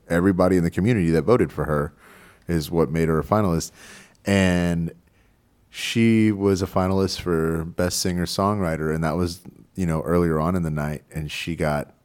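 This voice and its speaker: A man's voice: deep voice, darkish tone. A man hosting a radio show, chatting casually with lots of fillers and laughs. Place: radio studio.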